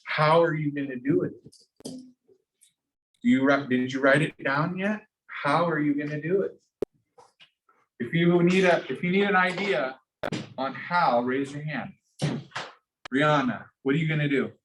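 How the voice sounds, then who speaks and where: A man teaching an entrepreneurship class, coaching students in an energetic way and often restarting his phrases. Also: on the high side, a little slow, long pauses, distant mic. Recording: echoey room, speaker off-mic, faint noise.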